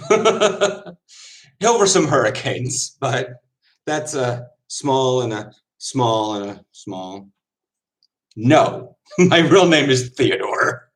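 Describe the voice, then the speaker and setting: A man's voice: mid-range voice, expressive. A man with a mid-range voice chats casually with his stream viewers. He is loose and rambling, and laughs easily between thoughts. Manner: laid-back and rambling, laughs often, quick asides. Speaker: football player chatting with viewers on stream. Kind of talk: casual livestream chat, answering comments.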